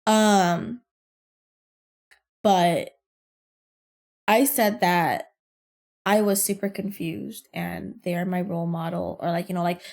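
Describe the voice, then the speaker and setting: Brief: young woman podcast host, casual storyteller, swears freely, animated. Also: on the low side, slow pace, vocal fry, pauses often. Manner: animated, profane, laughs through her story.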